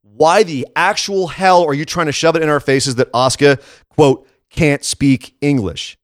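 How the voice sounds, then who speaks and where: A man's voice: a little high, normal speed, no echo. Ranting man on a dry mic. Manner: animated, ranting, sarcastic. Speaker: podcast co-host. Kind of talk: casual wrestling commentary chat.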